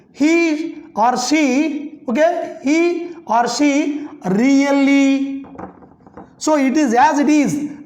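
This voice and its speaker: A grammar teacher, a woman, spells out example sentences word by word and keeps saying "okay" as she repeats herself. Her voice sits high and moves at an unhurried pace. The sound carries the echo of a bare room. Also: darkish tone. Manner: slow and repetitive, dictating sentences word by word, frequent "okay". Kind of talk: classroom grammar explanation. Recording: echoey room.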